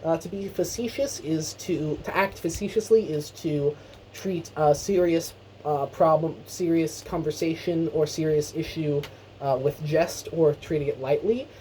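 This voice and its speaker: A woman's voice: low voice, a little slow, mellow, a little hiss or hum, poor audio. Playful young woman co-hosting radio. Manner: playful, teasing, mock-apologetic. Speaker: radio show co-host. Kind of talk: casual radio chat.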